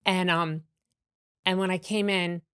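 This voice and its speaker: A woman comedian telling animated stories with many fillers and restarts in a podcast interview. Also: on the low side, unhurried, clear, resonant tone, no echo, studio quality. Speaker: comedian guest.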